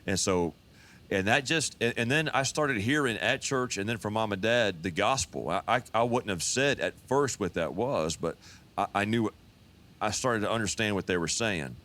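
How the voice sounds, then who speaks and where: A pastor in his fifties telling his life testimony in a relaxed, folksy storytelling manner. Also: lowish voice, moderate pace. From Texas. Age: 50s.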